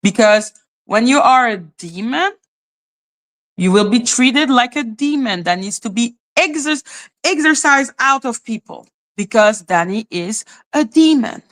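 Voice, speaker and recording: Bright-voiced woman ranting on a livestream. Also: on the high side, expressive, a little slow. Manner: heated, rambling, full of "like" fillers. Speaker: livestream host. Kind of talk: casual livestream rant.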